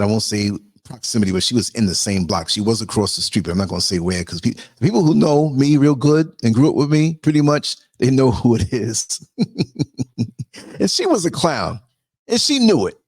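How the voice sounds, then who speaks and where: A man hosting a podcast, telling stories in a loose, conversational way, with quick asides to his listeners and bursts of mimicry. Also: medium pitch, no echo, clean studio sound. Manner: animated, jumps into mimicry and sound effects; conversational, frequent asides to viewers. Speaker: podcast host. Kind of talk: casual storytelling monologue.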